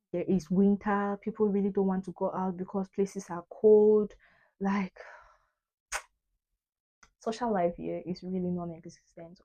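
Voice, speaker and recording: A young woman from Cameroon vlogging in a casual, animated way, repeating phrases for emphasis and tossing in playful asides. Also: fairly low pitch, lo-fi sound.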